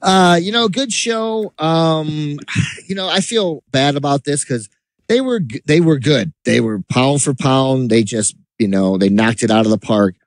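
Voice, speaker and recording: A man co-hosting a casual podcast chat, telling rambling, animated stories with laughs. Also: on the high side, a little slow, no room sound. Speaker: podcast co-host.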